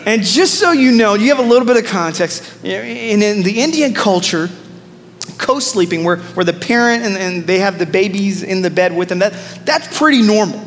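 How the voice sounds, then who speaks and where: High-voiced man, pastor, storytelling sermon, asides to congregation, reverberant hall. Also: expressive, moderate pace.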